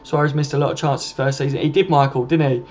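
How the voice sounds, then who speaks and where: A live-stream channel host with a southern English accent rambles through viewers' comments in a matey way, forever tacking on "and that" and "mate." His mid-range voice is fairly even in intonation, a little mellow, and he talks fast.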